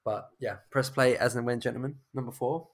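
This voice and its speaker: A man's voice: mid-range voice, steady tone, fairly quick. A man hosting a podcast film quiz, talking casually and with some hesitation. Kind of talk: casual chat.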